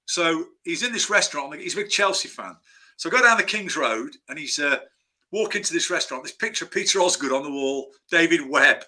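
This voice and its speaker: Bright-voiced man telling rambling anecdotes. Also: fairly high pitch, expressive, a little fast. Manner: rambling anecdotal storyteller with restarts. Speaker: screenwriter guest. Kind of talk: casual interview chat.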